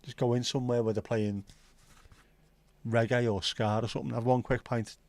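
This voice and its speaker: A middle-aged man with a South Liverpool Scouse accent hosts a livestream, chatting casually and telling rambling stories full of swearing. His mid-range voice is a little mellow, with a flat delivery at a moderate pace.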